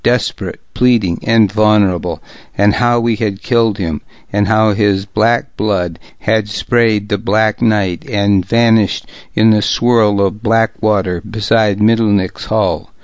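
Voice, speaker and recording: A man narrating a historical novel in the first person, with a deliberate, gravely serious reading. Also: on the low side, fairly even intonation, no room sound, highs cut off. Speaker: audiobook narrator.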